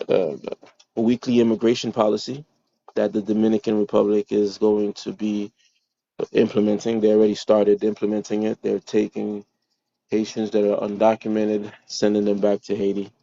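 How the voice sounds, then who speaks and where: Gravelly low-voiced man on a livestream. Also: mellow. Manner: rambling, repeats words, addresses viewers directly. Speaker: livestream host. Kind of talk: casual livestream chat. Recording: dull lo-fi stream audio.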